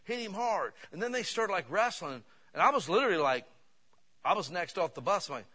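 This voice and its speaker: Man preaching with animated stories. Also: high voice, fairly quick, husky. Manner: animated storytelling, swinging between loud bursts and hushed asides. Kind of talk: sermon with personal stories.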